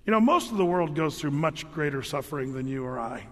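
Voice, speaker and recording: A man's voice: on the high side, lively intonation, a little fast, a bit bright. A middle-aged man preaching a sermon as a pastor, in a conversational, storytelling way with frequent restarts. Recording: long reverb of a large hall.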